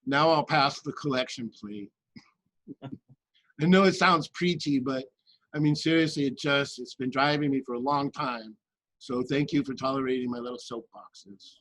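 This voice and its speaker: A man talking earnestly and with passion in a group discussion, with halting restarts. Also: mid-range voice, fairly bright tone, dry recording, poor audio. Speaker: guest in a remote viewing discussion.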